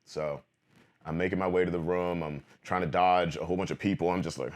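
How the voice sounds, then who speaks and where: A man in his thirties telling a personal story in an animated vlog monologue, acting out old conversations. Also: low voice, fast talker. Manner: animated, quotes friends in acted-out bits. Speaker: vlogger.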